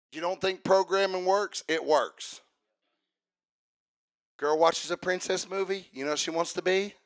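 A man preaching a fiery sermon, swinging from hushed asides to shouted emphasis. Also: high-pitched.

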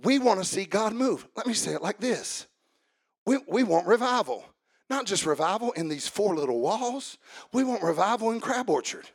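Male preacher, high-pitched, gravelly, sermon in a church, soft talk rising to sing-song shouting. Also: animated, normal speed. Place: church sanctuary.

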